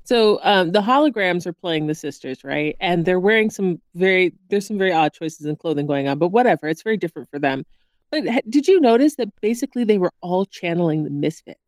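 A woman co-hosting a podcast in casual chat, animated and quick to laugh. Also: fairly low pitch, dry recording. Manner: chatty, animated, laughs often. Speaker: podcast co-host.

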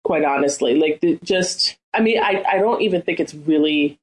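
A woman's voice: sits low, normal speed, low-quality recording. A woman co-hosting a casual podcast, ranting with exasperation about a cartoon's plot holes. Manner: exasperated, ranting, acting out characters in quotes. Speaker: podcast co-host. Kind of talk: casual chat.

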